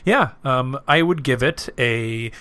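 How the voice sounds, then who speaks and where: A man co-hosting a podcast in casual chat, relaxed, often laughing and trailing off mid-sentence. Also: mid-range voice, slow, smooth. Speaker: podcast co-host.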